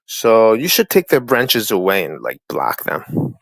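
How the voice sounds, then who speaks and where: A man's voice: lowish voice, huge pitch swings, measured pace, vocal fry, fairly bright tone, no room sound, low-quality recording. A man ranting as a guest on a livestream panel, confrontational and profane, repeating himself to drive points home. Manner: confrontational, profane, repetitive trash talk. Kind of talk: heated livestream rant.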